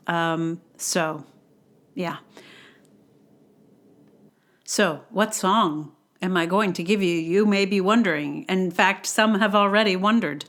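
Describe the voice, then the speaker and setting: A woman's voice: lowish voice, measured pace. A woman from New York hosting a solo podcast, talking in a rambling, chatty way with self-deprecating asides. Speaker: podcast host.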